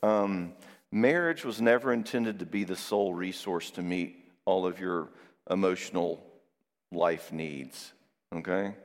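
A man giving a Christian marriage seminar. He talks in a conversational way, tags his points with "all right?" and tells lively personal stories. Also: low voice, measured pace. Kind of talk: live seminar talk to an audience. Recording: long reverb in a large hall.

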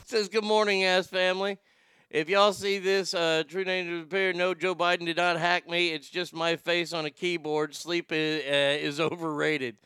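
A man's voice: high voice, flat delivery, normal speed, sharp tone, clean tone, no echo. A man hosting a casual morning radio show, reading listener messages in a brash, profane, joking way and often stammering.

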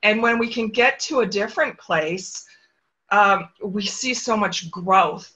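Bright-voiced earnest woman telling a story. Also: mid-range voice, slow. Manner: reflective, earnest, with brief quoted voices. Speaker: guest author. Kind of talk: personal storytelling in an interview.

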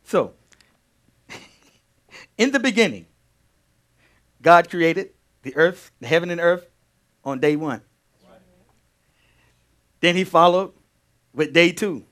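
A male pastor teaching a sermon, animated, repeating key phrases and firing questions at his congregation. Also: on the high side, slow pace, pauses often.

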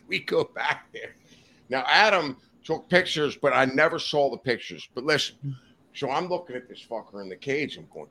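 A man's voice: medium pitch, moderate pace, slight background noise. A man telling a wild story as a podcast guest, cursing freely and laughing as he goes. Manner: profane, animated anecdote-telling with laughter. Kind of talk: casual storytelling. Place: podcast studio.

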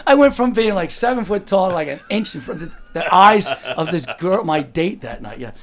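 A man's voice: sits high, very animated, normal speed, slight background noise. An older man telling a casual, rambling anecdote, full of "like" and "you know" and acting out the other voices in his story. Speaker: storyteller recalling working as a driver.

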